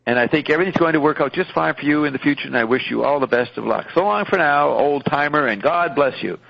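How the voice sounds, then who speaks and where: A man's voice: fairly high pitch, fast talker, vocal fry, lo-fi sound. A man doing a smug, grandiose magical hero. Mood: proud.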